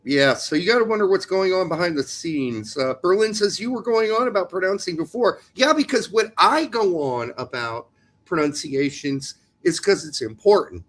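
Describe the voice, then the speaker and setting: A man's voice: high-pitched, lively intonation, moderate pace, fairly bright tone. A man co-hosting a soccer podcast in a casual, joking chat, teasing his co-host about pronunciations.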